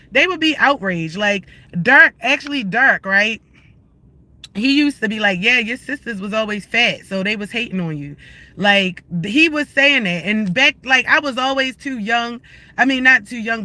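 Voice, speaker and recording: A man's voice: sits high, bright, forceful tone, dry recording. A man ranting on a phone livestream, confrontational and profane, firing the same questions again and again. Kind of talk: heated livestream rant.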